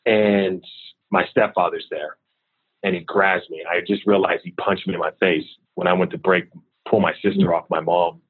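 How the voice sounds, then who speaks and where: Husky man on a tinny line. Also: deep voice, moderate pace. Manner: candid, steady recounting of hard memories. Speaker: interview guest. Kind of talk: personal storytelling in an interview.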